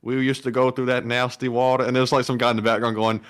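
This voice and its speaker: A man co-hosts a live stream, reading chat questions in relaxed talk. His voice sits at a middle pitch. He keeps tacking a joking catchphrase onto his lines. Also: fast, clean tone.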